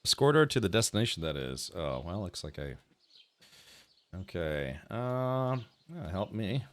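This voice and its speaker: A man's voice: low voice, very animated, unhurried, a bit bright. A man streaming a video game, casually thinking aloud and chatting with viewers in a rambling way. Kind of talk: casual gameplay commentary.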